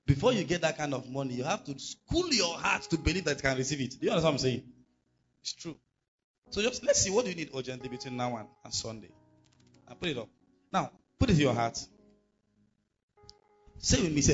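A man's voice: fairly high pitch, lively intonation, a little fast, pauses often, highs cut off, faint music behind. A male pastor, preaching a sermon emphatically and asking the congregation rhetorical questions.

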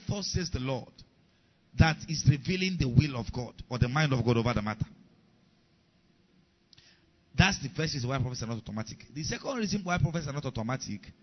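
A man's voice: a little high, lo-fi sound. A middle-aged male pastor preaching a sermon, emphatic, repeating key lines and asking the congregation if they follow.

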